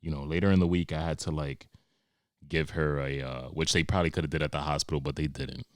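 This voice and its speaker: A young man, hosting a podcast and telling comic stories in a profane, animated way with sarcastic asides. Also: a bass voice, fast, no echo, studio quality. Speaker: podcast host. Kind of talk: comedic monologue.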